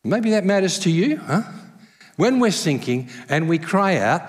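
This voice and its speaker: A male pastor preaching a sermon at a church service, conversational and self-deprecating, telling stories with lively humor. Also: high voice, unhurried. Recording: long hall reverb.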